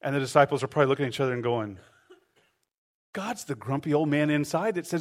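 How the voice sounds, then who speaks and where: A man's voice: fairly high pitch, expressive, fast. A middle-aged man preaching a sermon, telling a story animatedly and acting out the voices of the people in it. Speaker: pastor.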